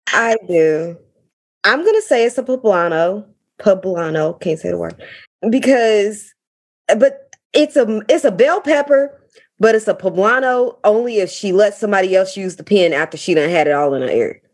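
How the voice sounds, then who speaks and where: A woman's voice: mid-range voice, expressive, normal speed. A woman on a casual panel, blunt and offhand as she gives her opinion. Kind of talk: casual group chat.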